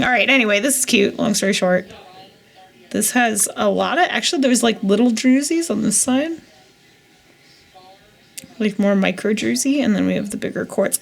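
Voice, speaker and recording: Woman, thirties, from the U.S.; gravelly, chatty vlogger muttering to herself. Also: medium pitch. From United States. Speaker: jewelry reseller vlogger. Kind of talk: casual chat while unboxing.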